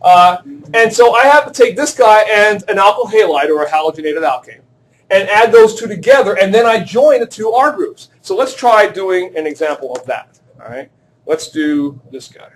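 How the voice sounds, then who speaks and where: Lecturing in a classroom, this male chemistry teacher speaks in a high, animated voice at a moderate pace. He's self-deprecating and joking, asking the class questions as he solves problems.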